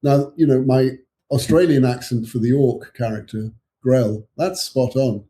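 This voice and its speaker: An older man with an English accent tells stories in a loose, meandering way, dropping in wry chuckling asides. His voice is mellow and warm, sitting at an ordinary pitch, with a faint hiss of noise behind him. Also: fairly even intonation, measured pace. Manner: rambling anecdotal storyteller, chuckling asides. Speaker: author guest. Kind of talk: casual chat.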